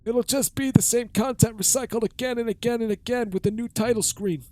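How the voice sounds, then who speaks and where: A man putting on a high, scheming old man voice to read out a game character's lines. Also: fairly even intonation, a little fast, warm tone. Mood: scheming, gleeful. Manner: raised wavering put-on old man voice. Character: scheming old man pitching endless sequels.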